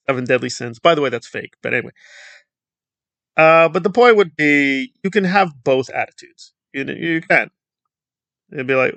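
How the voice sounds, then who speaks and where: A man's voice: a little high, animated, moderate pace, creaky, a bit bright, dry recording. A man hosting a casual commentary video, rambling and sardonic in a dismissive way. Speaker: commentary channel host.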